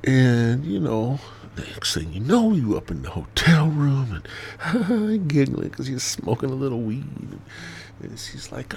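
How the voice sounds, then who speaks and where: A man hosting a podcast, rambling crudely and swearing a lot, dropping to mutters and jumping into loud mock voices. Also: mid-range voice, big pitch swings, normal speed, gravelly, a little hiss or hum. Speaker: podcast host.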